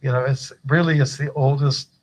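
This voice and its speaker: A man's voice: mid-range voice, steady tone, moderate pace, rough recording. An older man, a guru, giving an informal initiation talk at a temple gathering, chatty and joking with many fillers.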